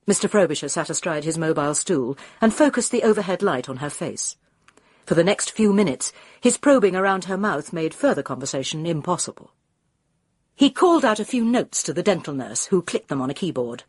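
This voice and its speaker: A woman's voice: on the low side, big pitch swings, fairly quick, a little mellow, husky, no echo, studio quality. A woman reading a mystery novel aloud as narrator. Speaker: audiobook reader. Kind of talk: scripted narration.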